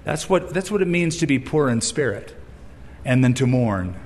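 Lively-pitched preacher in a reverberant hall. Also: male voice, normal speed, a little hiss or hum. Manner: animated, acts out quoted voices with asides. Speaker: pastor. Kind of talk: sermon.

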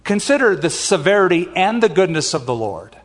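A man's voice: sits high, very animated, brisk, long reverb tail. An older man preaching a sermon in a conversational way, with personal asides. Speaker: pastor.

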